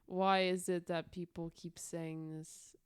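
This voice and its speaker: A young woman speaks slowly in a smooth, clear voice, laughing easily and turning over puzzled questions. She sits low in pitch for a woman, and the sound is dry and close. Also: flat delivery, no room sound. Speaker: podcast co-host. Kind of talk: casual chat.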